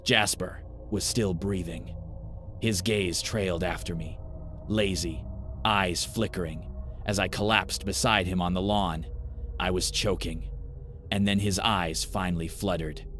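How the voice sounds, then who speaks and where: A man narrating a first-person horror story in a grim, measured way. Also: low voice, steady tone, a bit bright, faint music behind.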